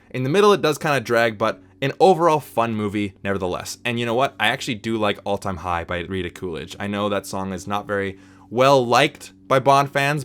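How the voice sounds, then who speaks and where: Here a man gives a casual spoken review of a film, sounding opinionated and talkative. His pitch is unremarkably mid-range, and he often pauses the review for asides aimed at the viewer.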